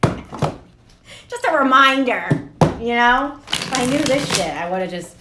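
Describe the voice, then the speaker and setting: A woman's voice: on the high side, animated, slow pace, echoey room, background noise. A woman doing a casual tarot reading vlog, talking in a rambling, profane and laughing way. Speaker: tarot reader.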